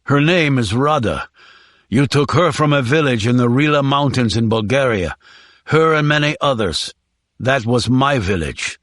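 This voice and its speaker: A man's voice: mid-range voice, animated, normal speed, fairly bright tone, no room sound, clean studio sound, close to an everyday voice. A man voicing a huge, grieving, vengeful villager with a strained, intense voice in an audiobook. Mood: strained, menacing. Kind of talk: audiobook character voice.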